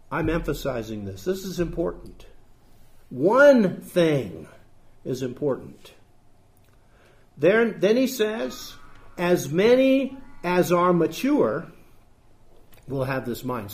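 Emphatic high-voiced male preacher. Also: sing-song, slow, pauses often. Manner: emphatic, rhetorical questions, quotes scripture. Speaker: pastor. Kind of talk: sermon.

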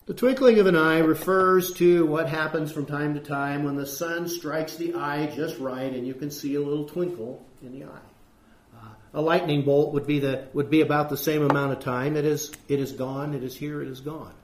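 Man, sermon, earnest preacher, slightly high voice, roomy echo. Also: steady tone. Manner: earnest, rhetorical questions, slows for scripture reading.

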